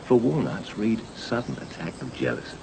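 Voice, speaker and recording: A weary older man with a gravelly edge and a lively, swinging delivery, grumbling wryly. in a TV soap, with a steady hiss behind him. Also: lowish voice, normal speed. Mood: dry. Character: wry older man, wearily cynical about women. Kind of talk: 1990s TV soap acting.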